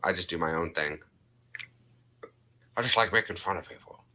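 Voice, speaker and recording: A man's voice: low-pitched, moderate pace, sharp tone, rough recording. A man hosting a live chat, joking casually and playfully. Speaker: live stream host and voice mimic.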